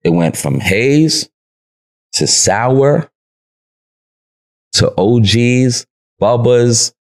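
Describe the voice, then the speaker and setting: A man's voice: medium pitch, expressive, very slow. A man from New York with a New York accent, a podcast guest telling stories in slangy, laid-back casual talk and laughing often. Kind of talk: casual interview storytelling.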